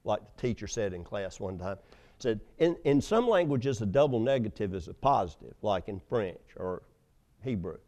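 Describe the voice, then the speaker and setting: A man preaching a sermon, telling stories with loud emphasis and hushed asides. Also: fairly low pitch, big pitch swings, normal speed. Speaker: pastor.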